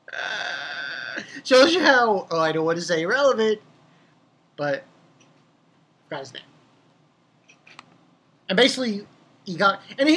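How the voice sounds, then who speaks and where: A young man casually reviewing a comic chapter, rambling and excitable, swearing freely and laughing at his own jokes. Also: a little high, husky. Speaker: manga reviewer.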